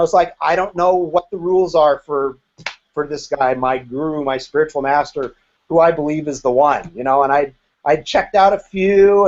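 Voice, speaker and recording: A man in his fifties, once a group member, appears as an interview guest and shares his story bluntly, occasionally swearing. The lo-fi recording carries his fairly high, slightly mellow voice.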